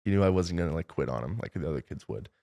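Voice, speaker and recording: Deep gravelly young man rambling. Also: lively intonation, racing, mellow. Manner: rambling, heavy on fillers. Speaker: film director guest. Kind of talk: casual interview storytelling.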